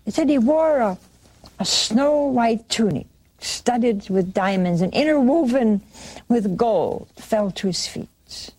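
A woman preaching, retelling a saint's vision with quoted dialogue and halting restarts. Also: medium pitch, darkish tone. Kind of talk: sermon storytelling.

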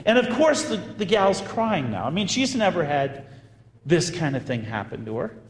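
Priest preaching in an echoing hall. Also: male voice, fairly high pitch, moderate pace. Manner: animated, conversational storytelling with bursts of emphasis. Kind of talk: storytelling sermon. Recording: echoey hall with long reverb.

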